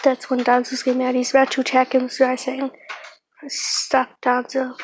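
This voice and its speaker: Woman, high flat voice, improvised fan-story teller, halting and rambly. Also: slight background noise, low-quality recording. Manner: halting and rambling, with many fillers and self-corrections. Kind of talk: improvised fan-fiction retelling.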